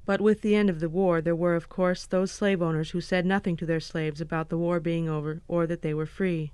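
High, clear male narrator. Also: level tone, a little fast, a little mellow, no echo. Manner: plain, formal linking narration. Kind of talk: scripted narration.

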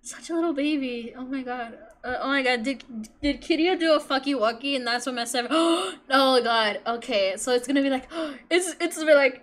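High-voiced young woman streamer. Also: normal speed. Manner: excitable, swears a lot, laughs, squeals. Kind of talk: gameplay commentary.

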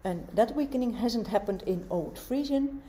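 Woman, lecturer, measured explanatory tone, warm mellow timbre. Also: fairly high pitch, lively intonation, a little hiss or hum. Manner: measured, explanatory, with rhetorical questions. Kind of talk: university lecture.

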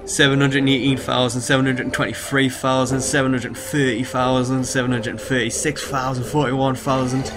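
A man's voice: medium pitch, level tone, moderate pace, hardly any pauses, music in the background. Casual swearing man narrating his strategy game. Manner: casual, swearing, talks to viewers. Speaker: gaming video host. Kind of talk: strategy gameplay commentary.

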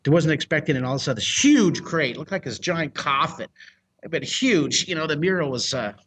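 A man's voice: on the high side, brisk, a little hiss or hum. A middle-aged American man, a drawing teacher, telling a story animatedly with bursts of laughter. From United States. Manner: excitable, shouts and laughs mid-story.

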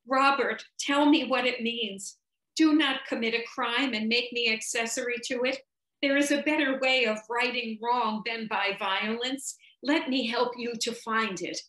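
A woman's voice: a little high, steady tone, measured pace, fairly bright tone, pitched above the performer's own voice. Woman doing a scared nurse begging, voice up and trembly, echoey room. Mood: pleading. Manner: raised, pleading and tremulous. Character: frightened young nurse narrator pleading.

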